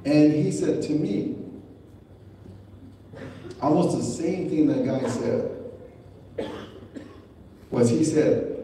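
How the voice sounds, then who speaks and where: A man's voice: on the high side, very slow, long pauses, warm tone, a little hiss or hum. A man telling a personal story to an audience, plain-spoken and acting out the voices he quotes. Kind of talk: storytelling speech. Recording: echoey hall recorded from a distance.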